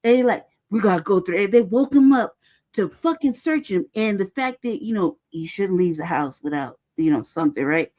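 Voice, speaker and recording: A woman with a mid-range, dark-toned voice tells a story at normal speed, clearly angry. Her casual chat is profane and emphatic, hitting every point hard and sprinkled with "right?" and "cuz".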